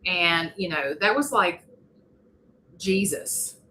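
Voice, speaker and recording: A woman tells a story on a casual podcast. Her voice sits a little low but rings bright and forceful. She is animated and playful, slipping into other people's voices. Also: slow pace, a little hiss or hum, rough recording. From West Virginia. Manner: animated, laughing, mimics voices in her stories. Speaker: podcast co-host.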